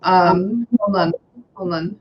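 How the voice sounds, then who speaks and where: A woman's voice: fairly low pitch, slow, a little hiss or hum. Chatty American woman on a dull call. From United States. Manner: chatty, keeps saying "hang on" and relaying what she hears. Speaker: psychic medium. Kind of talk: casual reading session.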